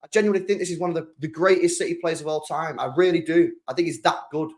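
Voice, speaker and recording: A young man with a British accent hosts a casual live stream, chatting excitably in slang and circling back to the same points. His voice sits high for a man. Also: fast talker. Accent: British English. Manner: excitable, slangy, repeats himself. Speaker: football channel host.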